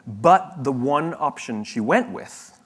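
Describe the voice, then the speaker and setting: A man's voice: medium pitch, lively intonation, takes it slowly, fairly bright tone, slightly rough. A middle-aged man gives a motivational talk and drifts into a funny personal story. He pokes fun at himself and often restarts his sentences as he goes. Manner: storytelling, self-deprecating humor, frequent restarts. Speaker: speaker.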